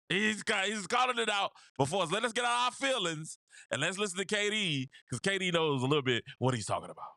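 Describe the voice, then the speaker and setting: A man hosting a sports talk show, giving casual basketball commentary in an animated way, repeating his points and talking straight to his viewers. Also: sits high, brisk, gravelly, no echo, clean studio sound.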